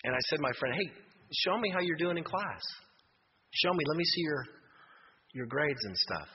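A man's voice: on the high side, lively intonation, moderate pace. A man preaching a sermon as a pastor, telling stories and rising to emphatic exhortation. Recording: muffled hall reverb, faint noise.

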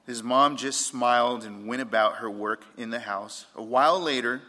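Bright-voiced male pastor preaching. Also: medium pitch, normal speed. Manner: repeats key points, tells light anecdotes. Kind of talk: sermon. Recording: long reverb of a large room.

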